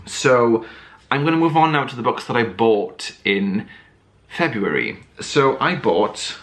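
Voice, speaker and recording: A man's voice: mid-range voice, lively intonation, a little slow, fairly bright tone. A man chatting to camera as a book vlogger, rambling with lots of fillers and restarts. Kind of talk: casual chat to camera.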